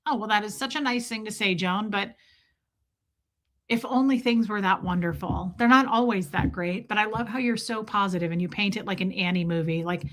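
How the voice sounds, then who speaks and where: A woman hosting a livestream reads chat and reacts to it, chatting casually and profanely while telling jokey stories. Her voice is mid-range and fairly bright, and she speaks a little fast.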